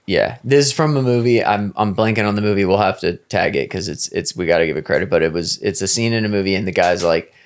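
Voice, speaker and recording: A man's voice: deep voice, fast, hardly any pauses. A man hosting a podcast, chatting casually and acting out the people in his stories. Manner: animated storyteller, acts out voices. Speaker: podcast host. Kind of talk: casual interview talk.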